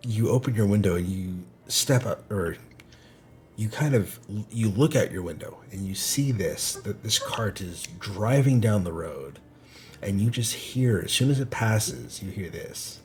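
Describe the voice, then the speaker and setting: Man, game master, low voice, lively, jokey, narrating a tabletop game. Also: a little slow, slight background noise. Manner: joking, laughs often.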